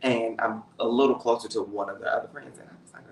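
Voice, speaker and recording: A man's voice: medium pitch, steady tone, fast, reverberant, far from the mic, rough recording. A man, a therapist guest on a panel, speaking earnestly and emphatically and acting out quoted dialogue. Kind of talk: candid panel conversation.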